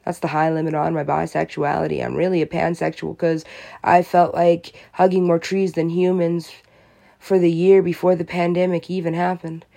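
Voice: medium pitch, flat delivery, normal speed, vocal fry, mellow. A vlogger in a rambling, profane, conspiratorial monologue.

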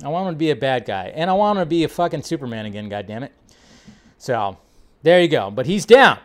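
A man hosting a casual film-news livestream, talking in an animated, swearing, excitable way. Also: on the high side, quick pace. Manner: animated, swears often, loud bursts. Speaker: host.

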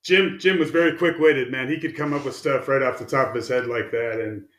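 A middle-aged man recalls old stories in an easygoing way, his sentences often trailing off into fillers. His voice has a middle pitch, and the recording carries a noticeable room echo. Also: fairly even intonation, a little fast, a bit bright. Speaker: podcast guest, retired umpire. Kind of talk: casual storytelling chat. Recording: echoey room sound.

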